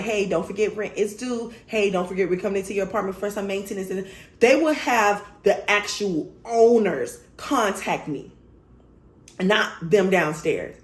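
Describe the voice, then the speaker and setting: A woman vlogger telling a story in casual storytime style, animated, blunt and profane. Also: medium pitch, reverberant.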